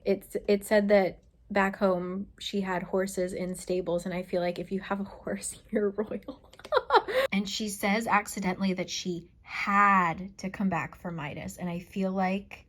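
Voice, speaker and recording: Woman rambling about a book she's reading, blunt, swears a lot, mid pitch. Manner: chatty, blunt, swears freely; excitable outbursts while reading. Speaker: book reviewer. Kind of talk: casual book review chat.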